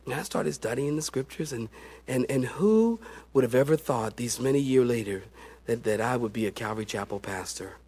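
A middle-aged man, a pastor, preaching a sermon in an animated storytelling manner that swings between loud excitement and hushed tones. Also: mid-range voice, moderate pace, breathy edge.

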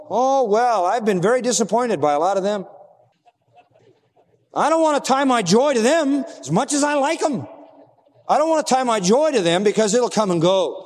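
A man's voice: very high voice, animated, moderate pace, in a large hall. A man preaching a sermon as pastor, emphatic, asking the congregation rhetorical questions.

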